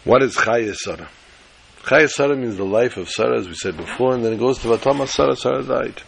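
A man's voice: medium pitch, expressive, fairly quick, creaky, slight background noise. A man preaching as a rabbi, telling a story in a folksy, emphatic way. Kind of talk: sermon with storytelling.

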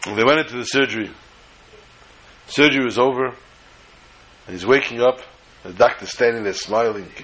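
A man's voice: medium pitch, moderate pace, pauses often, a bit bright, low-quality recording. A man telling a story in a sermon, acting out the dialogue with animation.

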